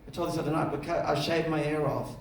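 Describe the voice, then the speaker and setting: A middle-aged man spins anecdotes for a festival audience, acting out the people in his stories. His voice sits fairly high for a man. The mic is some way off in an echoey room, with a faint hiss underneath. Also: fast, far from the mic. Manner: animated storyteller, acts out other voices. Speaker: film director, festival jury head. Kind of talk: on-stage conversation, anecdotal storytelling. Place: festival stage before an audience.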